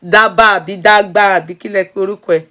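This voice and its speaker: A woman's voice: mid-range voice, fairly even intonation, fast, sharp tone. A woman with a Nigerian accent hosting casual commentary, chatty and switching into Yoruba phrases. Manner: chatty, mixes in Yoruba, frequent laughter.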